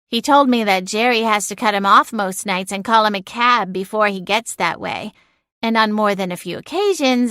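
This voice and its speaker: A woman's voice: medium pitch, a bit bright, no room sound, natural voice. A woman voicing a snarky, sarcastic female cat familiar with a dry, cutting, mocking manner in an audiobook. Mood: smug. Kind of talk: audiobook narration.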